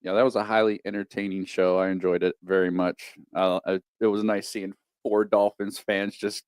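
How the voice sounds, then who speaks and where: A man's voice: fairly low pitch, flat delivery, moderate pace, a little mellow, smooth, no room sound, studio quality. A man co-hosting a casual sports podcast, laid-back and rambling, often repeating himself. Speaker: podcast co-host.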